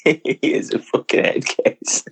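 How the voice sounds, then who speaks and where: A man's voice: measured pace, dry recording. A man co-hosting a podcast, chiming in with short laughing remarks in casual chat. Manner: brief laughing interjections. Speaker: podcast co-host.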